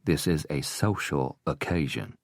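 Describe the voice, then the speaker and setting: A man's voice: rumbling low, expressive, unhurried, no echo, studio quality, heavily acted. A man voicing a vain, shallow society wife who talks in a whining voice. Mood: whiny chatter. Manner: whining, self-absorbed chatter.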